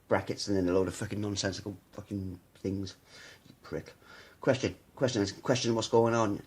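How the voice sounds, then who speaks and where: A man's voice: on the low side, fairly even intonation, fairly quick, breathy edge. A man ranting to camera in a rambling, profane, sneering way. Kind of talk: casual rant to camera.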